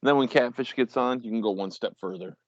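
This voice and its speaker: A man's voice: mid-range voice, fairly quick, no room sound, highs cut off. A man teasing his co-hosts on a casual podcast and laughing a lot.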